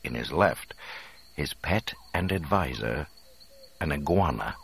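A man narrating a storybook in an expressive, dramatic reading. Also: very deep voice, slow pace, creaky, husky.

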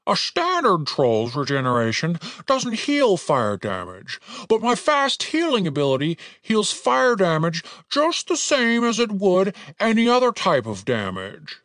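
A man's voice: high voice, wildly swooping pitch, measured pace, hardly any pauses, fairly bright tone, no echo, clean studio sound, voice pushed up, full character voice. A man voicing a pedantic, mocking male forest troll in an audiobook. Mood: smug. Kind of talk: audiobook character voice.

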